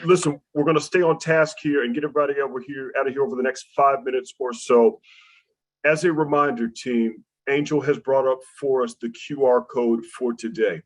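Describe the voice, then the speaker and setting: Man, mid pitch, upbeat, joking, webinar host. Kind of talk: hosting a webinar.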